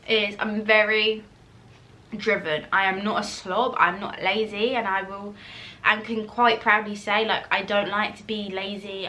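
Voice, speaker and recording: Bright-voiced chatty woman. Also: mid-range voice. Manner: chatty, rambling with fillers and restarts; eating while talking at times. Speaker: YouTuber. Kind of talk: casual Q&A chat to camera.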